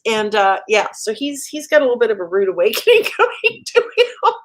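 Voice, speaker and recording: Lively storytelling woman, animated pitch. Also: brisk. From American Midwest. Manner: animated, laughs often, funny anecdotes. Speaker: guest author. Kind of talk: casual storytelling interview.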